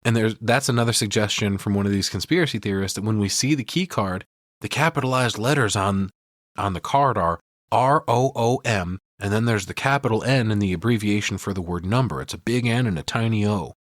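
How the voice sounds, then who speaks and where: A man's voice: on the low side, a little fast, no room sound, clean studio sound. A male podcast co-host giving a profane, casual film breakdown. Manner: profane, storytelling recap.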